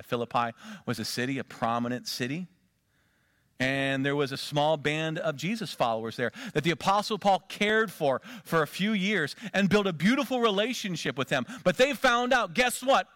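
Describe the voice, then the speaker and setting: A man preaching a sermon as pastor, animated and rhythmic, building up emphasis as he speaks. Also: fairly high pitch, dry recording, clean studio sound.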